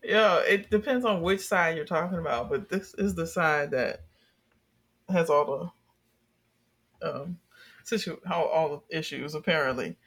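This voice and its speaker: A young adult in a casual chat, telling a story with lively energy and plenty of swearing. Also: medium pitch, measured pace, long pauses. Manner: animated storyteller, swears freely.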